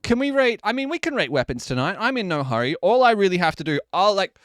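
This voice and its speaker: Male streamer in his 20s, upbeat casual chatter with a lively, slightly high voice, cursing freely, dry close recording. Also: fast, no echo. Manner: animated, chatty, swears casually. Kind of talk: casual live-stream chat with viewers. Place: at home at his desk.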